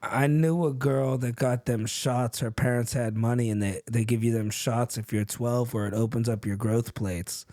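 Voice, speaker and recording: A man telling wild stories in casual chat, animated and laughing as he acts out other people's lines. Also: mid-range voice, moderate pace, few pauses, dry recording.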